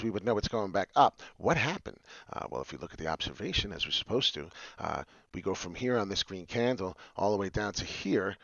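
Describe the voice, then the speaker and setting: Brief: excitable male chart-vlog host, animated swooping delivery, dry dull lo-fi sound. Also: mid-range voice, no room sound. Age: adult with a young child. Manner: excitable, swings into loud rants. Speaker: crypto chart video host. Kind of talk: casual crypto chart talk to camera. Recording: dull lo-fi audio.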